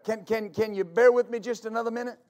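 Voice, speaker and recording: High-pitched fervent male pastor preaching. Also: steady tone, fast, darkish tone, lo-fi sound. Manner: fervent, repeats phrases, stammers on restarts; call-and-response with congregation. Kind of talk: preaching a sermon.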